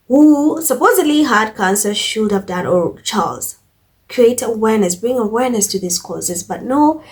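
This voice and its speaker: A woman hosting a commentary channel, reading out news quotes and then giving her own opinions in a casual, emphatic way, often repeating herself and pausing with fillers. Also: medium pitch.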